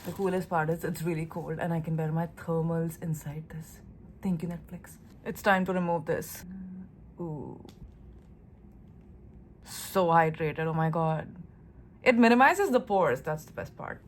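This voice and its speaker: A woman's voice: on the low side, a little hiss or hum. A young woman from India talking casually to camera in a vlog, chatty and emotional, gushing over everything. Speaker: lifestyle vlogger.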